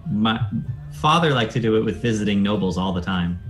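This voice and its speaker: Brief: composed noble princess played by a man, plain low voice, matter-of-fact. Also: animated, brisk, a bit bright, soft background music. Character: dignified young noble princess.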